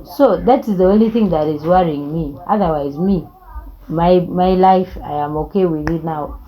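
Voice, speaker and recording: A woman's voice: fairly low pitch, moderate pace, warm tone, rough recording. A young woman, telling her life story in an earnest, reflective way. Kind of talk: personal storytelling.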